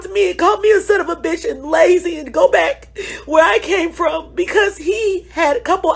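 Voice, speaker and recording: A high-pitched woman talks through tears. Her voice breaks as she pleads with her audience and speaks to them directly and warmly. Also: moderate pace, gravelly. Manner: pleading, repeats "y'all". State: tearful, crying. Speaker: state representative. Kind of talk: emotional phone video testimony.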